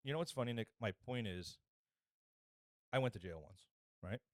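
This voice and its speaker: A man's voice: mid-range voice, moderate pace, no room sound, clean studio sound. A man co-hosting a podcast in a casual chat, telling stories and acting out other people's voices. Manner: animated storyteller, acts out other people's voices. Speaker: podcast co-host.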